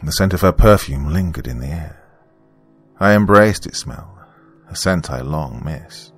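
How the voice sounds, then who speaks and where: A man narrating a first-person story in a calm, measured, reflective way. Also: rumbling low, breathy edge, soft background music.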